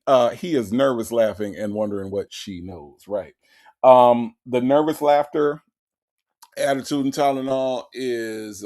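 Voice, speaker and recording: A man hosting a casual live stream, reading viewer chat and commenting bluntly with coarse language and frequent laughter. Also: mid-range voice. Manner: animated, blunt, profane, laughs often. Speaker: livestream host.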